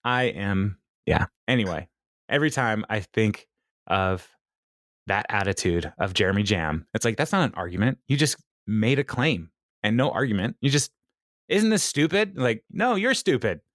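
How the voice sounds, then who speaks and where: Man, podcast co-host, opinionated episode recapper, lowish voice, dry close sound. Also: no echo. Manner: opinionated, animated recapping with quick asides. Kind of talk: casual chat.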